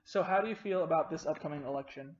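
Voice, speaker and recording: A man's voice: fairly high pitch, a little hiss or hum. A man hosting a podcast in casual chat, telling funny work stories and acting out the people in them. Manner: fast joking storyteller, acts out quoted customers. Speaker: podcast host. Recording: echoey room, dull far mic.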